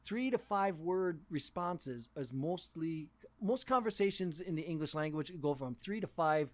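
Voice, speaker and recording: Male English teacher, fairly high voice, drives points home in relaxed chat. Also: unhurried, dry recording. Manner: emphatic, repeats points for stress. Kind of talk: casual conversation.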